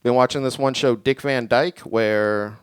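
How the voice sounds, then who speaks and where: Rambling deadpan young comic, smooth voice. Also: male voice, mid-range voice, a little slow, dry recording. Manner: deadpan, rambling, self-deprecating. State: tipsy from drinking. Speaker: stand-up comic. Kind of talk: stand-up comedy set. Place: small creative community venue with live audience.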